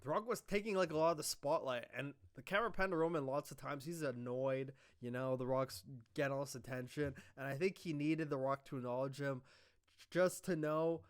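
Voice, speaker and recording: A man's voice: on the high side, a little fast, smooth. A man casually recapping a wrestling show, rambling, swearing and acting out quoted lines. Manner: rambling, profane, animated retelling with quoted lines.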